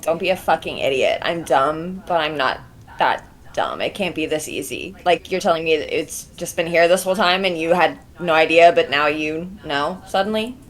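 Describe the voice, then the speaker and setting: A woman's voice: sits low, animated, normal speed. A woman voicing a vain, sassy young princess character in a tabletop game, haughty and sarcastic. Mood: scolding.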